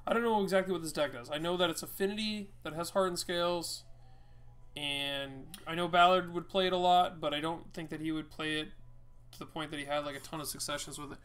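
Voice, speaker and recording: A man giving casual, loud, teasing commentary while playing a card game with a friend, swearing now and then. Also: a little high, steady tone, brisk, smooth. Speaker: card game player and co-host.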